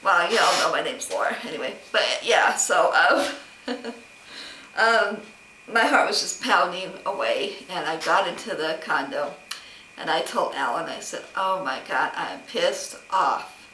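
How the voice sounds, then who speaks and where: Her voice sits on the low side, animated, a little slow, pushed and bright. Vlogging casually, she rambles through an aggrieved personal story of being snubbed, quoting many exchanges, and the distant mic gives a roomy sound with slight background ambience.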